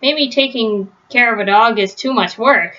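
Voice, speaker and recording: A firm mother aardvark from a read-aloud storybook, voiced by a woman. She gives orders in a plain, bright voice. The home recording sounds dull. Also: fairly high pitch, moderate pace.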